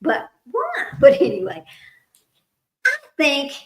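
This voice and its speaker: A woman's voice: high-pitched, huge pitch swings, takes it slowly. A woman hosting a trivia livestream, chatting casually with viewers and often laughing at herself as she rambles. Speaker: livestream host running trivia. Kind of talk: casual chat with live viewers. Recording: roomy echo.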